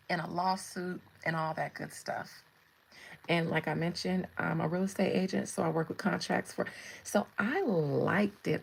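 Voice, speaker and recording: A woman's voice: medium pitch, gravelly, husky, rough recording. A woman hosting a casual tarot livestream, chatting with viewers and laughing often. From United States. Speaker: tarot reader and livestream host.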